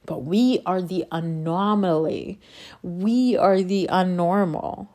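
A woman's voice: fairly low pitch, slow pace, darkish tone. A woman speaking casually and with passion about her faith, rambling and interrupting herself as she gets worked up. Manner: impassioned, rambling, self-interrupting. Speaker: faith vlogger. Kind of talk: casual spiritual monologue.

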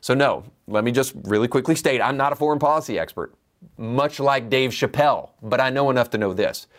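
A man's voice: medium pitch, a little fast. A man hosts a scripted commentary show. He speaks in a mid-range voice and pushes his points with opinionated emphasis. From United States. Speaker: commentary podcast host.

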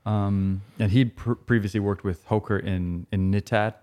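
A man with a fairly low voice co-hosts a casual music podcast. He talks in a relaxed, agreeable way and adds quick asides to the conversation. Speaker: podcast co-host.

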